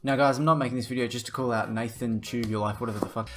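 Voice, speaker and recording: A man's voice: medium pitch, fairly even intonation, very fast, a bit bright, faint music behind. A young man rants to camera in a blunt, profane, rambling way. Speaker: vlogger. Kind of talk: casual ranting to camera.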